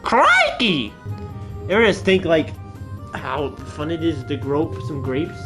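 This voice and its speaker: A man's voice: a little high, unhurried, music in the background. A man streaming a game, chattering casually with goofy jokes and silly voices. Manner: goofy, joking. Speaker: gaming streamer.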